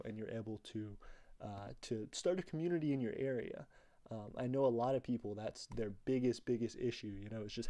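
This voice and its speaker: A man's voice: medium pitch, dark tone. Rambling young man hosting a livestream. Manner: rambling, reads chat aloud, many fillers. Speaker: livestream host. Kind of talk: casual livestream chat.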